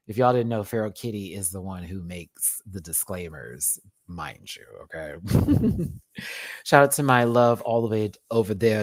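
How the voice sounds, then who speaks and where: A young man with a medium-pitched voice hosts a casual livestream reviewing drag races, reading viewer messages aloud with affectionate pet names and laughing often. The studio sound is clean with no room sound.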